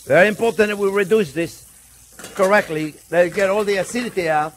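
A man's voice: sits high, a little fast, slight background noise. A male chef hosting a cooking demonstration in a kitchen, talking in a chatty, jokey way and calling the viewers his friends. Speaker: cooking show host, chef. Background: faint sizzling pan.

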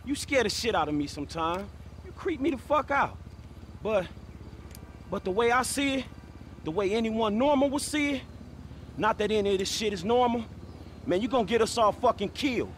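A wary young street hustler in a video game, with a fairly high, lively voice. He talks plainly and holds firm, with a faint hiss of background noise under the game audio. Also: normal speed, long pauses. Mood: uneasy.

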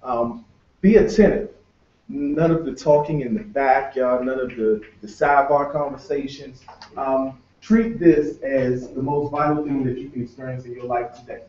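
A man's voice: medium pitch, normal speed, a little mellow. A man who is a pastor and conference host, leading prayer and calling out to the crowd as he introduces a guest speaker in a conference room turned sanctuary. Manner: rallying, calls out to the crowd. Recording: echoey, distant, dull room sound.

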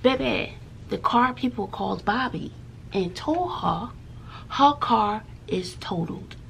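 A middle-aged woman talks straight to her viewers in a chatty vlog. Her voice has a gravelly edge, and she takes her time. She tells her stories with drama and often drops to a hushed aside. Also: medium pitch, expressive, slow pace, a little hiss or hum. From Texas. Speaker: schoolteacher and mother. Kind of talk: casual chatty vlog storytelling.

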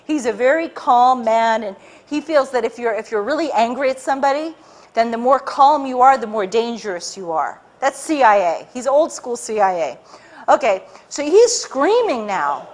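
A public speaker with a high, bright, sing-song voice addresses a live audience at normal speed. She tells her story animatedly, stumbling and restarting, and acts out other people's voices.

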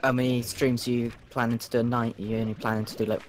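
A man with an ordinary mid-range voice chats calmly beside a game stream. He keeps a mild, matter-of-fact tone, with soft game music in the background. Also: medium pitch, quick pace. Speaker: co-host and editor. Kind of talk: casual chat. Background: faint game music.

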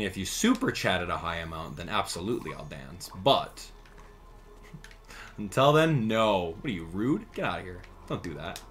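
A man's voice: deep voice, sharp tone, slight background noise. A young man streaming a video game, teasing his chat and commenting casually as he plays. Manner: joking, teasing chat, quick mood swings. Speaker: gaming streamer.

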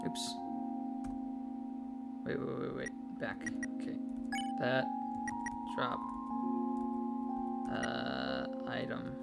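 A woman's voice: a bass voice, very animated, gravelly, loud music behind the voice. A woman casually commenting as she plays a video game, muttering to herself. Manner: slow, muttering to herself while playing. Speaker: let's play host.

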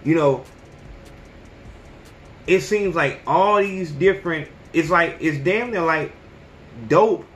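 A man's voice: fairly high pitch, takes it slowly, long pauses, fairly bright tone, reverberant, slight background noise. A man in his thirties hosting a podcast, talking bluntly and profanely in a casual, preachy monologue. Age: 30s. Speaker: podcast host.

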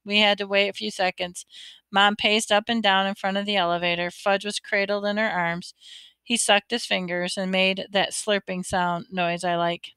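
A woman narrating a children's storybook aloud, in an expressive read-aloud manner. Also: mid-range voice, normal speed, smooth, no room sound. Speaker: audiobook reader.

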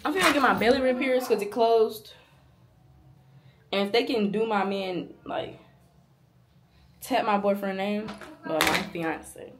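A laid-back young woman in her early twenties chats to her camera, slangy and easygoing. Her voice sits at a middle pitch, recorded close on a phone with a faint hiss behind it. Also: a little slow, long pauses. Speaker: vlogger. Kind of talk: casual vlog talk to camera.

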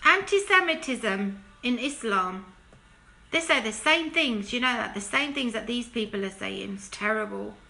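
A woman's voice: expressive, normal speed, gravelly. A woman delivering an impassioned, preachy monologue to camera, pressing her points with rhetorical questions. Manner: drops to a hushed, low plea when urging repentance. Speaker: Christian video commentator.

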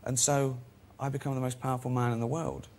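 Here the same English actor-director, still a chat show guest, speaks at medium pitch with a flat, fast, slightly mellow delivery. He pokes fun at himself through stories, doing impressions of the characters involved.

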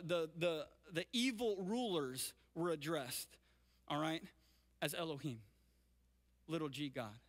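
A male pastor preaching a sermon and reading scripture, energetic and often checking in with his listeners. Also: sits high. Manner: energetic, keeps checking in with "right?". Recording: long reverb of a large hall.

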